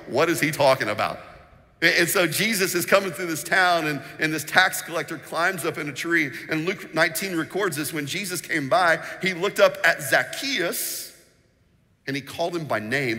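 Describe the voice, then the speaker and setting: A male pastor delivers a sermon, retelling stories with animated energy and acting out the lines of the people in them. His voice sits a little high for a man and comes across bright and forceful. The sound carries a long reverb, as in a church hall. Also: moderate pace. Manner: animated storytelling, acts out quotes; sings snippets of a children's song. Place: church sanctuary.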